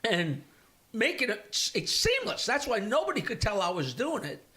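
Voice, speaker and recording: Brief: older comic, high bright voice, animated storyteller. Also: male voice, normal speed. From Long Island, New York. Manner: animated joke-telling storyteller. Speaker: comedian guest. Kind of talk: casual storytelling chat.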